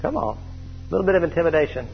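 A man's voice: a little high, vocal fry, a little hiss or hum. Man preaching a sermon in a hall. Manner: preacherly, drawn-out scripture reading, lively storytelling. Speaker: pastor. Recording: dull lo-fi hall recording.

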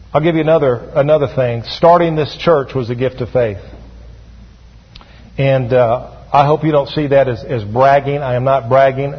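A male pastor preaches a sermon, calling on his congregation to repeat his words back. His voice is fairly high and a little husky. The sound is dull and rings with a long church-hall echo. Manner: preaching with call-and-response to the congregation. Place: church sanctuary.

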